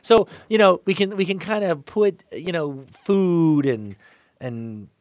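Middle-aged guy preaching on the radio, earnest, goes loud then soft, dry close mic. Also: fairly high pitch, takes it slowly, dry recording, dull audio. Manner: earnest, emphatic, swings between loud and soft. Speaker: Catholic radio host. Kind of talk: spoken reflection, sermon-like. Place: studio.

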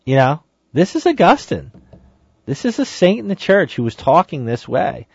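Emphatic man teaching, lively pitch. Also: normal speed, creaky, slightly rough, dry recording. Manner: emphatic, exhorting, reads quotes aloud. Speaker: Catholic teacher. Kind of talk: spoken teaching on a saint's sermon. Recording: dry, dull lo-fi sound.

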